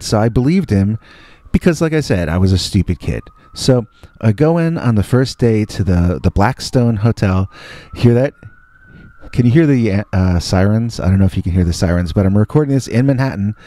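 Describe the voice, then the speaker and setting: A middle-aged man tells a story about his youth in a loose, casual way, doubling back on his words and making fun of himself. His voice sits on the low side. It is recorded close and dry, with little room sound. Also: dark tone, no room sound. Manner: rambling, self-mocking, many restarts. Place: indoors.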